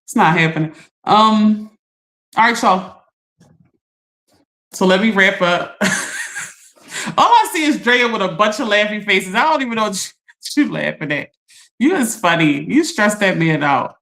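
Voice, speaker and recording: A woman's voice: mid-range voice, animated, a little slow, long pauses, fairly bright tone. Chatty laughing woman teasing her viewers. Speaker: livestream host. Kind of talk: casual livestream chat reading comments.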